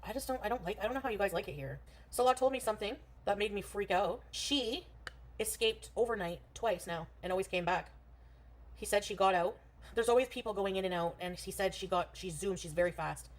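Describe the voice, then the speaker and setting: A woman livestreaming from her phone while riding a scooter outdoors, rambling in casual chat and talking loudly over traffic. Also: medium pitch, brisk.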